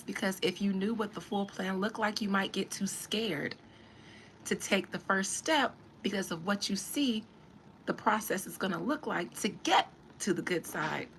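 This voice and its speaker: A woman's voice: medium pitch, fairly bright tone, a little hiss or hum. A woman hosting a podcast, giving casual commentary in an emphatic, preachy way and talking straight to her listeners. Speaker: podcast host.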